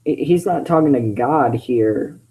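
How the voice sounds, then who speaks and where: A man's voice: mid-range voice, measured pace, mellow, slightly rough, poor audio. A man hosting his channel, reading fan fiction aloud with chatty, self-interrupting commentary.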